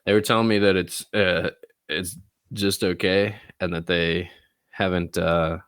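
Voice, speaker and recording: A man's voice: deep voice, steady tone, unhurried, fairly bright tone, smooth, no room sound, clean studio sound. A young man co-hosting a casual podcast over a call, rambling with lots of fillers and teasing his co-host. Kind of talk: casual chat. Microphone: remote call recording software.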